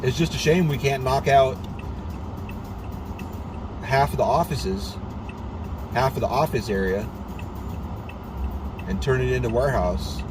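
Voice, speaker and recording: A man's voice: mid-range voice, a little slow, pauses often, background noise. A man in casual venting, ranting in a frustrated, profane and repetitive way. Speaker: warehouse worker.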